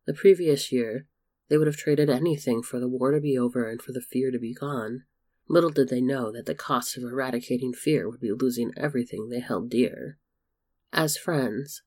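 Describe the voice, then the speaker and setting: A man narrating a story in a steady, measured reading voice. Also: mid-range voice. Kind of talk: storybook fan fiction reading.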